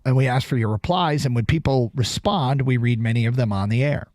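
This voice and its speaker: A man co-hosting a sports radio show, arguing in lively, rhetorical bursts and firing off questions. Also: mid-range voice, quick pace, few pauses, no echo, studio quality. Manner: animated, rhetorical questions, gets worked up. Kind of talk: sports talk radio banter. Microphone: studio broadcast mic.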